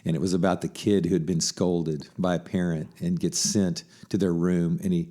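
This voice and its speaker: Very deep-voiced man telling stories. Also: flat delivery, moderate pace. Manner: warm storytelling, affirming backchannels. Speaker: podcast co-host. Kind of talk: casual conversation.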